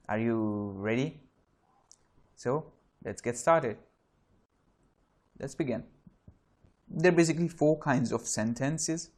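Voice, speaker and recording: A man's voice: medium pitch, a little mellow. A man explaining English grammar step by step in an online lesson, with frequent restarts and fillers. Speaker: English teacher.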